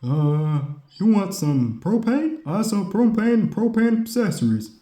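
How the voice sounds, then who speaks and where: Middle-aged drawling salesman, as a man puts him on, slow and loud, roomy sound. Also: sits high, very animated, voice pushed up. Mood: folksy. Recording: roomy echo.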